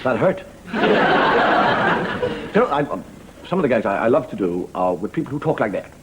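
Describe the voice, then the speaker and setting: A man's voice: medium pitch, sing-song, normal speed, over a noisy crowd. A man hosting a comedy show, talking his way through a stand-up monologue. He chuckles between lines, and his voice rises and falls a lot. Noise sits behind him in a TV studio. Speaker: comedian host.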